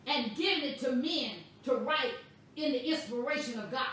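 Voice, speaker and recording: A woman pastor delivering a sermon, with slow, emphatic preaching that stresses words boldly. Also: high voice, a bit bright, a little hiss or hum. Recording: echoey room, voice from a distance.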